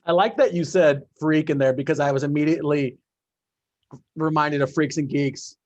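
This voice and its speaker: A man's voice: fairly high pitch, fairly even intonation, normal speed, darkish tone, no echo. A man hosting a podcast over a video call, chatting casually, laughing along and asking short follow-up questions. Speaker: podcast host. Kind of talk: casual interview chat. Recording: dull lo-fi video call audio.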